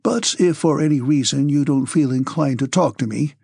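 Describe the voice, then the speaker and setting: A man voicing a severe, calm old male Freemason who speaks in a deliberate, loud way in an audiobook. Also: medium pitch, creaky, slightly rough, dry recording, studio quality. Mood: grave, paternal. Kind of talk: audiobook character reading.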